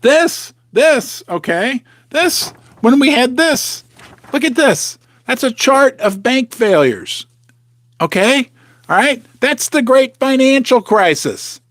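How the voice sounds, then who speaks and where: Man, host, basement commentary, rambling, sarcastic asides, very expressive pitch. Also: slow pace, dry recording, clean studio sound. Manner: animated, sarcastic asides, talks to himself. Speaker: host of a precious metals channel. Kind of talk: casual rambling commentary to viewers. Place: home basement.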